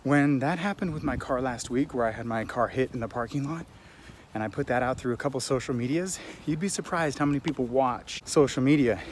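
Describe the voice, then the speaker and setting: A man, a real estate agent, vlogging casually in an excited, self-promoting, storytelling way while out on residential streets. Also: mid-range voice, a little fast, a little hiss or hum. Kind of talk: casual vlog to camera.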